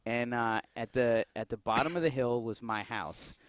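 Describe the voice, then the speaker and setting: A man co-hosting a podcast, telling a story in a loose, animated way, laughing often and acting out the lines of the people in it, recorded in a gym. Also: medium pitch, moderate pace, a little hiss or hum. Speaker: podcast co-host. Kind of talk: casual storytelling chat. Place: MMA gym cage.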